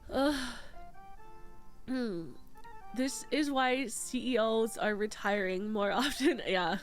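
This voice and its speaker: A woman's voice: on the high side, slow pace, soft background music. A young woman streaming from home and chatting with her viewers, tearful and close to crying, swearing freely as she reads and answers chat at a desk microphone. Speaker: VTuber streamer. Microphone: desk microphone with headphones.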